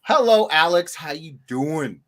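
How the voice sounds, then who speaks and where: A man's voice: fairly high pitch, measured pace. A man hosts a casual livestream chat. His voice rises and falls a lot as he jokes and calls out hello to viewers. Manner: animated, jokey, greets viewers loudly. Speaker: host.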